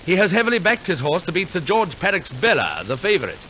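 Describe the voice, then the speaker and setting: A man's voice: sits high, sing-song, fast talker, bright, forceful tone, slight background noise, poor audio. A man announcing and narrating a 1940s radio musical, telling the story theatrically with wry asides. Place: radio studio.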